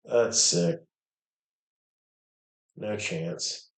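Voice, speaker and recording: A man casually commenting on his own online poker game, thinking aloud with many hesitations and low mutters. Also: a little slow, long pauses, roomy sound. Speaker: poker streamer.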